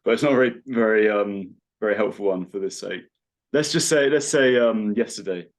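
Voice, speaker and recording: A man hosting a podcast, answering a question hesitantly and thinking out loud. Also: lowish voice, normal speed. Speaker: podcast host. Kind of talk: casual interview.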